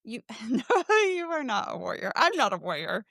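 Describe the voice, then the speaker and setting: A woman's voice: on the high side, big pitch swings, normal speed, creaky, fairly bright tone, dry recording. A woman with a mid-range voice co-hosts a casual book podcast. She chimes in agreeably, makes wry asides and laughs easily. The sound is close and dry. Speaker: podcast co-host.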